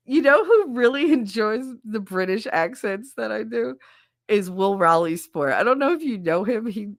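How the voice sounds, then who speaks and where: A woman's voice: medium pitch, dry recording, studio quality. A woman hosting a podcast in a casual chat, frank and profane, reading viewer comments and laughing often. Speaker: podcast host.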